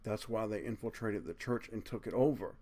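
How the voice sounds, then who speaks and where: A man's voice: fairly low pitch, brisk, mellow. A man giving an earnest, preachy monologue to his viewers, speaking bluntly, cursing casually and tacking "man" onto his sentences. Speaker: video channel host.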